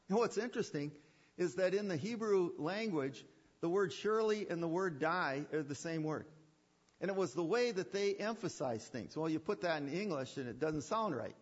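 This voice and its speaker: A man's voice: on the high side, expressive, moderate pace, slightly rough. A man preaching a sermon with emphatic repetition and rhetorical questions. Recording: dull lo-fi sermon recording.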